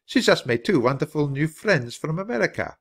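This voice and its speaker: A man's voice: fairly high pitch, very animated, brisk, creaky, voice pushed up, full character voice. A man voicing a glamorous, theatrical countess who gushes over her pet and the children. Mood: doting. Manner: gushing, grand and doting. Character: glamorous Hungarian countess, gushing, theatrical woman.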